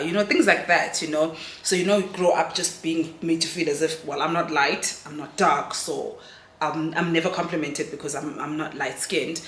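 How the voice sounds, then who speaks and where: A South African woman in her thirties, speaking in a notably low voice as she chats candidly and drifts between thoughts. The room is echoey, with a faint hum of background noise. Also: a bit bright. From South Africa, Durban. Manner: rambling, candid, self-digressing. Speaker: vlogger. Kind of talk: candid confessional vlog chat.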